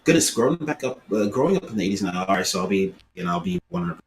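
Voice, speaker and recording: A man in his late thirties from Brooklyn with a New York accent, chatting casually on a podcast and telling animated street stories. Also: deep voice, racing. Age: late 30s. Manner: storytelling, animated, swears casually. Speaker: podcast co-host.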